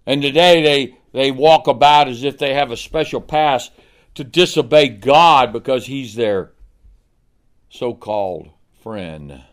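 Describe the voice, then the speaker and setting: A man's voice: mid-range voice, lively intonation, slow pace. A man preaching a sermon. He asks the congregation pointed questions and acts out the figures of scripture. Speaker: pastor.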